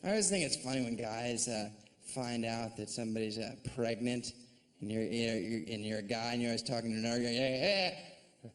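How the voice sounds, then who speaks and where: A man doing a sardonic, mocking stand-up comedy set on stage, slipping into shrill put-on voices. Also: quick pace. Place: comedy stage before a live audience. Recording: live stage recording with audience noise.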